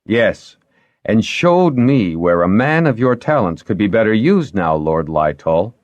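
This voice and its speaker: A man's voice: lowish voice, very animated, unhurried, no room sound, dull audio, pitched above the performer's own voice. A man reading aloud and voicing a keen, earnest young lord who presses his questions.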